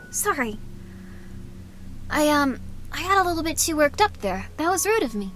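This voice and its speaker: A woman chatting and reacting while streaming a horror game live, joking along and breaking into sudden loud outbursts. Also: high-pitched, sing-song, normal speed, pauses often, a little hiss or hum.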